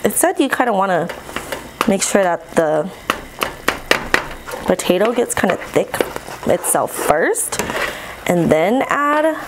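A woman chatting casually to her viewers while she cooks, bubbly and excitable, recorded on a camera mic in a home kitchen. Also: medium pitch, takes it slowly, long pauses, background noise. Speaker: mukbang vlogger. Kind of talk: casual vlog chat while cooking.

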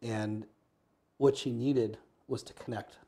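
An American man telling a story in an interview, earnest and quick, acting out the lines of the people in it. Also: medium pitch, fairly even intonation, mellow. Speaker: podcast guest.

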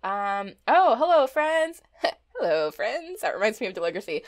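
A woman's voice: medium pitch, very animated, normal speed. A young woman casually commenting on her gameplay, chatty and easily delighted, laughing often. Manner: chatty, giggly, exclaims at small things. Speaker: let's play host.

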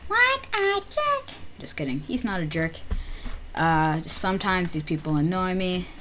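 Chatty excitable woman gaming host. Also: low-pitched, normal speed, noisy background. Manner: chatty, excitable, lots of "like" fillers. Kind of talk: casual game commentary.

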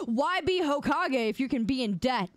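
A woman's voice: sits high, animated, moderate pace, very noisy. A woman streamer playfully teasing her chat with mock-angry outbursts while gaming. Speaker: game streamer.

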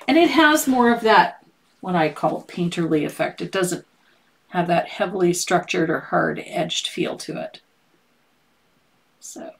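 A woman's voice: lowish voice, poor audio. A middle-aged woman teaching a live painting lesson, explaining steps in a playful, teasing way with frequent laughter. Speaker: painting instructor.

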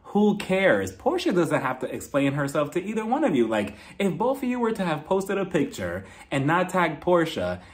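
A chatty man recapping reality TV in a casual commentary style, laughing often. His pitch rises and falls a lot, keeping the delivery animated from line to line. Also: normal speed, hardly any pauses.

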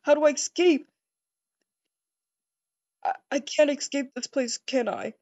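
A woman doing a first-person role-play over a game, excitable and easily startled, rambling with stammered restarts. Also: sits high, a little slow, no echo, highs cut off.

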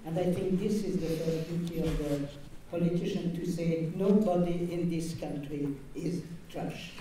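A man's voice: fairly high pitch, steady tone, unhurried, very noisy. A man speaking seriously and emphatically on a conference panel. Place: large conference hall. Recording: echoey hall picked up from far off.

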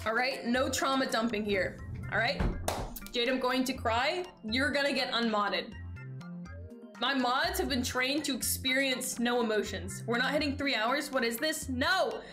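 A woman's voice: high-pitched, moderate pace. A young woman streaming a video game, chatting playfully and dramatically with her chat and thanking followers. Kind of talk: casual live-stream chat while gaming. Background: faint game music.

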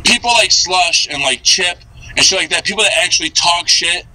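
A man's voice: high-pitched, expressive, normal speed, pushed and bright, low-quality recording. A man, a fellow streamer, chatting casually in a loose, swearing, filler-heavy way. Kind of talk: casual chat.

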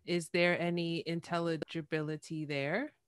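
A woman hosting a podcast interview, asking questions with hedges and quick self-corrections. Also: deep voice, level tone, clean tone, dry recording, studio quality. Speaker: podcast host. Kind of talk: interview conversation.

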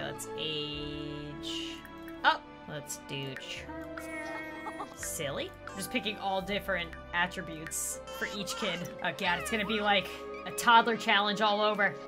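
A young woman chatting casually over gameplay, excitable and talkative, with loud bursts of cheering. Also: medium pitch. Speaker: gaming YouTuber. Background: game music.

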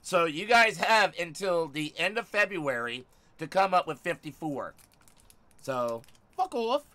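A young man streaming a game live, excitable and loud, yelling and swearing at his chat. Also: fairly high pitch, moderate pace.

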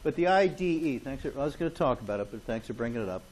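A man's voice: medium pitch, animated, racing, darkish tone, a little hiss or hum. A man lecturing a chemistry class in a classroom, chatty and joking, often checking in with "okay?". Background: students in class.

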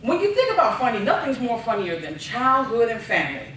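A man delivers a comic speech full of family anecdotes, his voice leaping up and down with lively expression. He is heard from well back in a very echoey hall. A faint background noise sits under him. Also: extremely high pitch, brisk, recorded from a distance. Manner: storytelling with punchlines, animated. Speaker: speech contestant. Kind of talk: humorous speech.

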